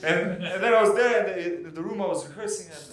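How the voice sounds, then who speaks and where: High-voiced comedian in echoey club. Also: male voice. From North Macedonia. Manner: halting delivery, repeats words as he starts sentences. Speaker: stand-up comedian. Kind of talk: stand-up comedy set.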